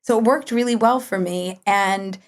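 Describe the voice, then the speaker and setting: A middle-aged woman talking casually as a guest, telling a personal story and acting out her own past lines with big jumps in pitch. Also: normal speed. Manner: animated, quotes herself with big pitch jumps. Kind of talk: conversational storytelling.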